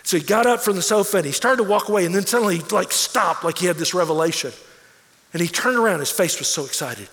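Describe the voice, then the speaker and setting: A man in his forties preaching a sermon as pastor, telling stories earnestly and swinging from hushed, quiet lines to emphatic ones. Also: high voice, expressive, fast talker. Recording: long reverb of a large hall.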